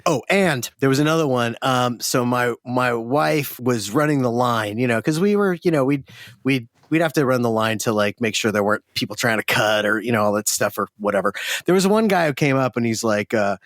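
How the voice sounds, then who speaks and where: A man telling lively stories in casual chat, acting out what people said and laughing often. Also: medium pitch, fairly quick, no echo, studio quality. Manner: animated storyteller who acts out quotes and laughs often.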